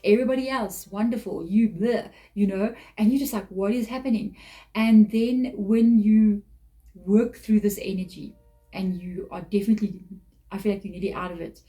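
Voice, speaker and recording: A woman's voice: medium pitch, mellow, rough recording. A woman giving an earnest, emotional tarot reading straight to camera, often repeating her phrases. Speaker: tarot reader.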